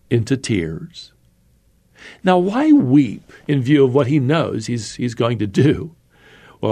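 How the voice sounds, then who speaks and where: Gravelly-voiced man teaching scripture. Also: medium pitch, darkish tone. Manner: earnest, addresses listeners as beloved; reads scripture aloud with slow, emphatic pauses. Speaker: Bible teacher. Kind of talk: expository sermon.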